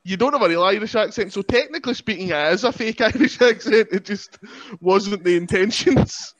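Higher-voiced man, laughing and chatty. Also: fairly quick, fairly bright tone, no room sound, poor audio. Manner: chatty, laughing, self-deprecating. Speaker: podcast guest. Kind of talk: casual podcast chat. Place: remote podcast call.

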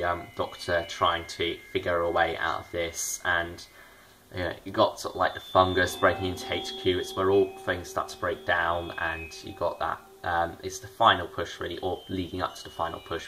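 A man's voice: low voice, noisy background. A young man giving a casual spoken review, rambling along with lots of fillers and hedges. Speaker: show reviewer. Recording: clear music behind the voice.

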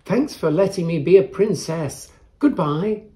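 A man's voice: high voice, lively intonation, a little slow, dark tone, voice pushed up. A man voicing a kind and curious young girl in a picture-book story read aloud. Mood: eager.

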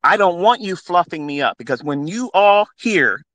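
A man's voice: sits high, lively intonation, moderate pace, a bit bright, no echo. Give me a passionate middle-aged man speaking bluntly into a phone, dry and close. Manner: passionate, preachy, blunt with swearing. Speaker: trading mentor hosting a live audio space. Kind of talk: unscripted heartfelt monologue.

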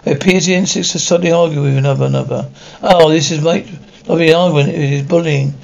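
A man reading a script aloud, sound cues included, in a flat, halting way that trips over words. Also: on the high side, creaky. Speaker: script reader. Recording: dull lo-fi audio with faint hiss.

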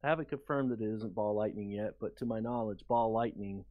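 A man's voice: fairly low pitch, a little fast, no echo, narrow, tinny audio. A man, a guest author and researcher, telling a long anecdote in a casual, rambling way with many fillers. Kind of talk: casual storytelling in an interview.

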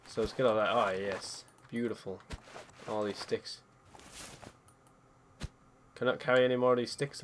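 A man giving casual gameplay commentary as he plays. He gets excited and spooked easily and swears freely. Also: lowish voice, a little hiss or hum. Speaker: let's play gamer.

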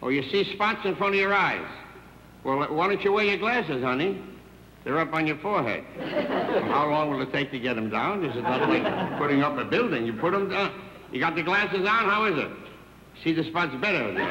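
A man's voice: fairly high pitch, lively intonation, brisk. Older man cracking dry jokes in an echoey theater. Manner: dry wisecracking, one-sided phone chatter. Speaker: comedian. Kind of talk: stand-up telephone monologue. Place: large theater stage before an audience. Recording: echoey theater, dull 1960s TV sound with hiss.

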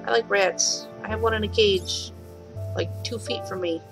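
A woman's voice: medium pitch, moderate pace, over music, rough recording. Chatty woman commenting on gameplay. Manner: chatty, talks to game animals, swears lightly. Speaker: let's play host. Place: home room.

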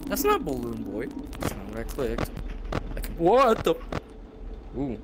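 A young man doing casual let's-play commentary, jumpy and swearing, muttering low and then yelping. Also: huge pitch swings, a little slow, heavy background noise. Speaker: gaming youtuber.

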